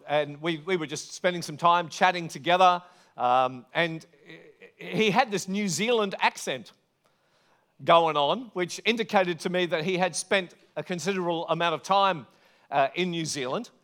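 A man's voice: sits high, a bit bright. A man preaching a sermon to a church gathering, earnest and emphatic, stretching out the words he stresses. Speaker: pastor.

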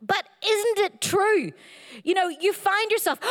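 A middle-aged woman preaching a sermon, animated and playful, telling humorous stories and slipping into silly voices. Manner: animated, playful, jumps into high silly voices for quoted lines.

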